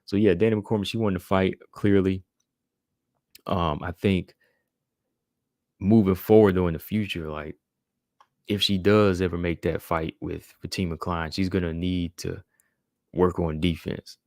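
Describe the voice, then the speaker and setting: A man with a low, gravelly voice talks through fight results in a loose, easygoing way, leaning on "man" and "you know" as he goes. The sound is close and dry, with no room around it. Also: steady tone, a little slow, pauses often, darkish tone, no echo. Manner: laid-back, fills with "man" and "you know". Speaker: podcast host. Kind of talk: casual fight-recap commentary.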